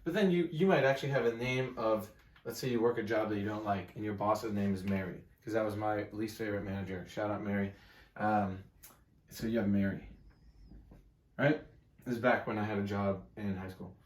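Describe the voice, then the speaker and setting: A man's voice: on the low side, steady tone, a little fast, reverberant. A man, a self-help coach, teaching casually to camera in a room with a whiteboard, talking conversationally and emphatically and checking in with the listener often.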